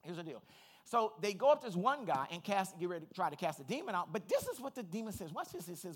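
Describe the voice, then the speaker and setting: Fast and sing-song, with a high-sitting voice and a breathy edge, a man preaches emphatically. Repeating phrases as he goes, he builds up to fervent, shouted peaks.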